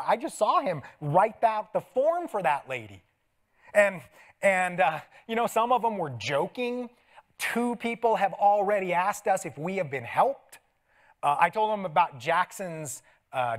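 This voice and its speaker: Animated middle-aged male pastor preaching. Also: high-pitched. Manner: animated storytelling with laughs and sudden soft asides. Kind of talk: sermon. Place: church sanctuary.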